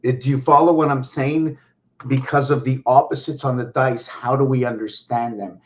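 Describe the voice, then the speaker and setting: A man vlogging from home, talking in a meandering monologue full of pauses and restarts. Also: mid-range voice, steady tone. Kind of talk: rambling monologue to camera. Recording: dull lo-fi recording.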